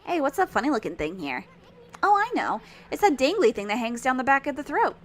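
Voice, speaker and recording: A woman's voice: sits high, big pitch swings, brisk. Woman reading a cocky tiny male sidekick. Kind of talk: reading game dialogue aloud.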